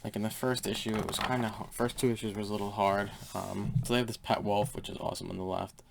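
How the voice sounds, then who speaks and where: A young man with a low, gravelly voice talks through a comic book, rambling with plenty of "um" and "like." He sounds eager and excited, jumping from point to point in a loose, unscripted way. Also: fast, a little hiss or hum. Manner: rambling, enthusiastic, heavy on fillers. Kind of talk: casual comic review.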